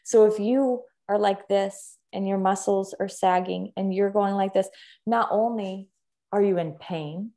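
A woman's voice: mid-range voice, unhurried, dark tone. A young adult woman, a fitness trainer talking as a podcast guest, speaking with eager emphasis and repeating words for stress. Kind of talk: conversational podcast interview.

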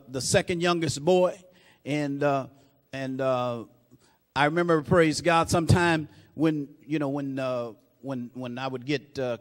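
A man preaching a sermon, often breaking in with "praise God", getting louder and slower on key lines and dropping low and soft for asides. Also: big-room sound. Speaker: pastor.

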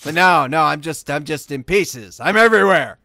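A young man gives casual commentary over a video game he is playing. His voice sits high for a man, and he swings from muttering to himself to yelling and swearing whenever things go wrong. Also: normal speed, a little hiss or hum. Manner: excitable, swears and yells at the game. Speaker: gaming video host.

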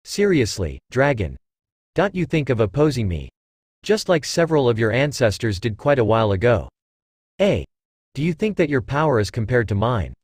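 A towering, arrogant dragon king speaks down to lesser beasts, voiced by a man reading a story. The lines are evenly read, yet the pitch moves about a lot. The sound is dry and close. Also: big pitch swings, moderate pace, no room sound. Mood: gloating. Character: arrogant tyrant dragon king, male, huge.

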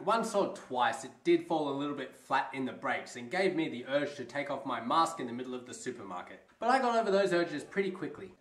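A man's voice: mid-range voice, fairly bright tone. A man giving a comedic album review in a wry, sarcastic way, swearing freely. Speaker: music reviewer. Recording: echoey room with faint music.

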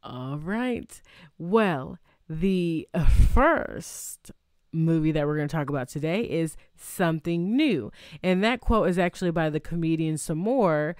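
A woman's voice: low voice, lively intonation, measured pace, a little mellow, smooth, no room sound, studio quality. A young adult woman hosting her own podcast in a casual, chatty way, often adding "okay?" to her points. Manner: chatty, adds "okay?" tag questions. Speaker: podcast host. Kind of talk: casual solo podcast chat.

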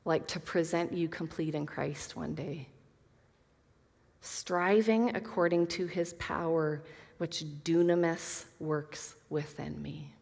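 A woman gives an earnest Bible lesson to a group of women, moving between scripture readings and casual asides. Her voice sits a little low. A long hall reverb trails after her words. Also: steady tone, slow pace, creaky, darkish tone. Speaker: Bible study teacher.

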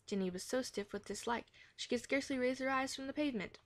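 A woman reading a children's chapter book aloud in a gentle manner, now and then correcting herself. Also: high-pitched, fast. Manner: gentle, with occasional self-corrections. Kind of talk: storybook read-aloud.

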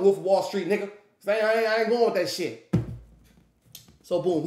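Male streamer, brash rambling storyteller, curses a lot, higher-pitched voice, echoey room. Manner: profane, rambling, acts out quotes. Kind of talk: animated storytime.

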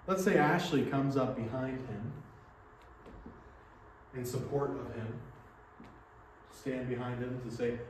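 A man's voice: mid-range voice, normal speed, darkish tone, a little hiss or hum. Man preaching in an echoey hall. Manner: earnest, explanatory preaching with rhetorical questions. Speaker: pastor. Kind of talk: sermon. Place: church sanctuary. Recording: echoey hall, mic from a distance.

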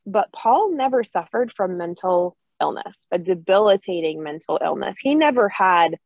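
A woman giving an earnest, animated personal testimony to an online support group. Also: mid-range voice, moderate pace, dry recording, low-quality recording. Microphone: video call.

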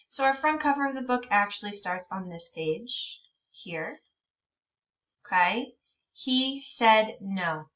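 A woman teacher leading a reading lesson for young children, encouraging them and reading words out very slowly. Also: mid-range voice, recorded from a distance. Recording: dull lo-fi sound from a bit away from the mic.

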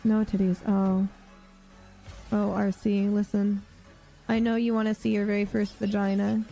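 A woman's voice: medium pitch, level tone, a little slow, gravelly, warm tone, faint music behind, low-quality recording. A woman streamer in crude, mocking banter with her chat.

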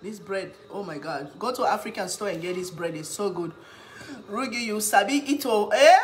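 A woman's voice: animated, normal speed, a little hiss or hum. Chatty woman humming while eating. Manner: chatty, talks while eating, hums with pleasure, bursts into cheers; playful sales pitch for her own products. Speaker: cooking vlogger. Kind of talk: casual eating vlog chat.

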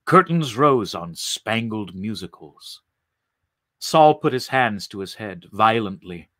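Male storyteller, slow and animated delivery, forceful tone, dry close sound. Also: on the low side, no echo. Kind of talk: dramatic story reading.

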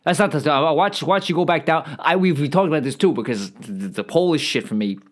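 A man's voice: fairly high pitch, lively intonation, brisk. A man holds forth alone on his podcast in a loose, profane comedic monologue. He stumbles and restarts constantly, repeating words before getting back on track. He sounds bloated and irritable. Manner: profane, rambling, frequent restarts and stammers. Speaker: podcast host.

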